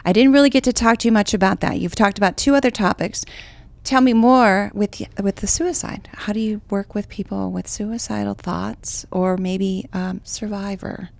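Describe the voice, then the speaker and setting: A woman hosting an interview, asking soft-spoken, encouraging questions. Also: medium pitch, fairly even intonation, moderate pace, gravelly, no room sound. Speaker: host.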